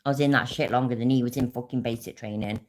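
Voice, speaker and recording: A woman's voice: very deep voice, steady tone, quick pace. A British woman hosting a livestream, ranting angrily with heavy swearing and answering chat viewers by name. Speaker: livestream host. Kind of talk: casual livestream rant.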